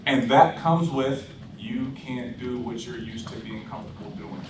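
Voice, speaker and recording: A man giving blunt, animated sales coaching to his team, acting out phone calls as he tells stories. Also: medium pitch, normal speed. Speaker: insurance sales trainer. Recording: roomy echo, distant mic, background noise.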